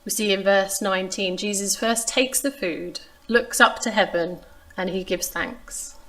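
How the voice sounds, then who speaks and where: A woman delivers a sermon in a calm, measured way, retelling a Bible passage. She reads the quoted lines with expression. Her voice sits at an ordinary middle pitch. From England. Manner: measured, expressive reading of scripture. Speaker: preacher.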